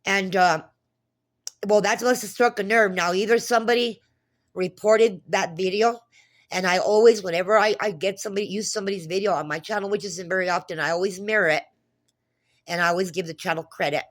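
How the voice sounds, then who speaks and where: With a mid-range voice and a fairly quick pace, the woman vlogger rants to camera in a casual monologue. It's agitated and profane, a phone call retold with many restarts.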